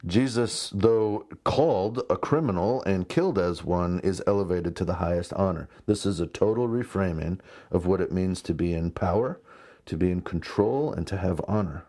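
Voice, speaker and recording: A man in his thirties preaching a conversational sermon, telling stories with lively asides. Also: deep voice, moderate pace. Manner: conversational, animated storytelling with asides. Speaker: pastor.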